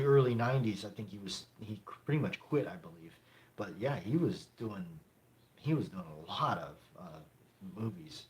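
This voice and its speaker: A man hosting a casual live stream, answering viewer comments in a rambling way with many fillers and frequent chuckles. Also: mid-range voice. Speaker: live-stream host of a gun channel.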